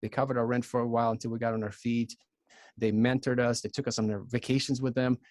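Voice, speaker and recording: A man in his thirties from Ukraine with a Ukrainian accent, a podcast guest telling his story in an earnest, halting way with many restarts. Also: mid-range voice, level tone, darkish tone, no room sound, studio quality. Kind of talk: casual storytelling.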